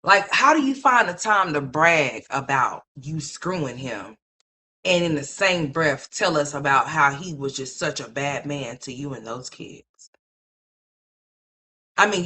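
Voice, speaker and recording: Bright-voiced, blunt, mocking commentary host. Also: mid-range voice. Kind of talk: opinion commentary on online drama.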